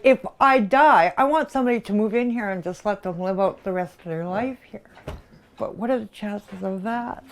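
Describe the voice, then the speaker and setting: A woman in her sixties who runs an animal sanctuary, talking casually and with feeling for a documentary, outdoors on a farm. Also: medium pitch. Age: 60s. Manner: soft, heartfelt, emotional. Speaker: pig sanctuary owner.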